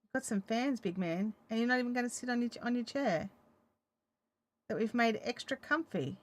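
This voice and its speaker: Chatty Australian woman with a high voice. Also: expressive, normal speed. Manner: chatty, talks to herself and her dog while knitting. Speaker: crafting vlogger. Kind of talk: casual crafting vlog.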